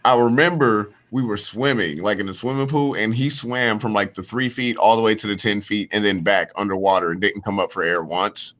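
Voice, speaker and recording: A man's voice: fairly low pitch, fairly quick, hardly any pauses, a bit bright. Man telling stories, laughing often. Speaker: podcast guest. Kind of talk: casual storytelling.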